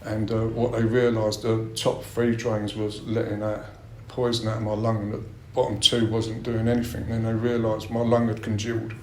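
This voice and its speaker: A man's voice: on the low side, monotone, moderate pace, few pauses, a little mellow, slight background noise. A middle-aged man giving a blunt personal share at a recovery meeting, swearing a lot as he talks. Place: meeting room. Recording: roomy meeting-room echo.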